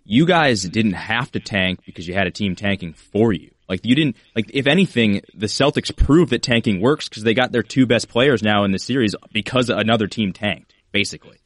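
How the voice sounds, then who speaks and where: A man's voice: fairly low pitch, expressive, normal speed, hardly any pauses, no echo. A man co-hosting a sports podcast, chatting casually and bluntly. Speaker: podcast co-host.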